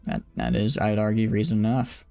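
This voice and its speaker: A man's voice: on the low side, sing-song, fairly quick, gravelly, mellow, clean tone, no echo, faint music behind. A tired young man casually commenting on his game during a late-night live stream, rambling and joking at his own expense. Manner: rambling, joking, self-deprecating.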